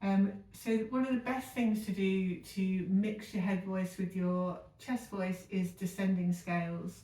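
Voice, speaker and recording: A woman teaching a singing lesson, explaining calmly with frequent ums and demonstrating exercises herself. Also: medium pitch, unhurried. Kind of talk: vocal technique lesson with sung demonstrations. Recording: echoey room, voice a bit far from the mic, piano faintly behind.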